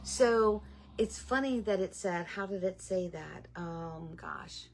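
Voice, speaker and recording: Chatty middle-aged woman, lowish voice. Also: slow, slight background noise. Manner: chatty, meandering, with many ums and asides. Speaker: spiritual channel host. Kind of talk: casual talk to viewers.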